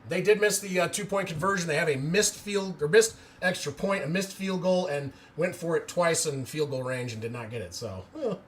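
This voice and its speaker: Chatting with his viewers between plays, this amateur live football commentator gets excitable and breaks into loud cheers. He sounds a little high and speaks at a moderate pace with few pauses.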